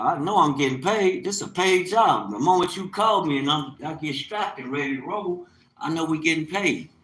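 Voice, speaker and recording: A man's voice: mid-range voice, fairly bright tone, a little hiss or hum, rough recording. A man hosting a casual livestream, talking at length in a rambling, emphatic way that turns preachy at times. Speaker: livestream host, mobile mechanic.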